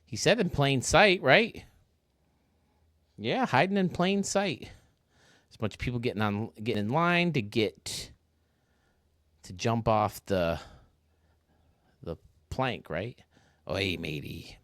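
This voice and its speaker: A man's voice: medium pitch, slow, pauses often, no echo, studio quality. A man giving casual, chatty gameplay commentary, talking to his viewers as he tours a built stadium. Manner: chatty, excitable, talks to viewers. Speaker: video game stadium reviewer.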